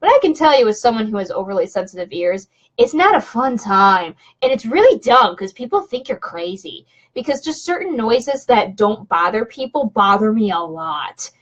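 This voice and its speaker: A woman's voice: on the high side, sing-song, moderate pace, hardly any pauses, lo-fi sound. Rambling woman on a live stream. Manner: rambling, many fillers and restarts, chatty asides. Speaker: vlogger doing a live stream. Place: home room.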